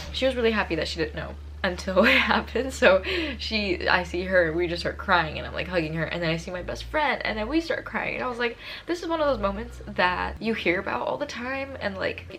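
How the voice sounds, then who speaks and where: A woman's voice: mid-range voice, fairly bright tone, a little hiss or hum. A young woman vlogger telling a personal story in a casual, gushing and emotional way, full of fillers.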